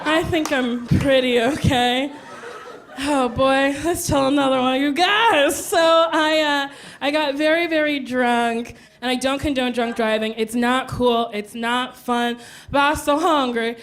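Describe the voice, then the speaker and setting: A woman with a high-pitched, unhurried voice tells brash, laughing stories in a stand-up set, doing different voices. It's recorded live on a comedy club stage, with loud audience laughter throughout.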